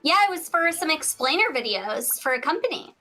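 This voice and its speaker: A woman's voice: sits high, very animated, brisk, sharp tone, poor audio. Woman giving short replies, music underneath. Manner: brief, agreeable replies. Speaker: voice actress guest. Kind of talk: casual live-stream chat.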